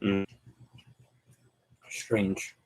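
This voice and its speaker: A man on a casual live stream who thinks aloud as he assembles a toy figure. He rambles and fills his talk with "like" and "and all that". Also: drawn-out words.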